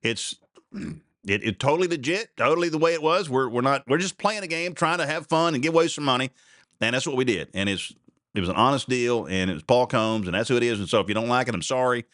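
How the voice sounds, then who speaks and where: A man's voice: mid-range voice, expressive, fast talker, a bit bright, dry recording, clean studio sound. A middle-aged man hosting a radio show in a rambling, folksy, chatty way with many restarts. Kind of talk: casual radio talk.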